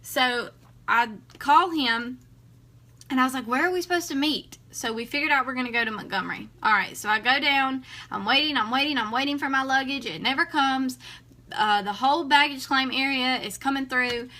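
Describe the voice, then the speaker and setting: A woman in her 20s vlogs a story to her viewers in a chatty, animated way, acting out the dialogue as she goes. Her voice is high-pitched and her pace is normal.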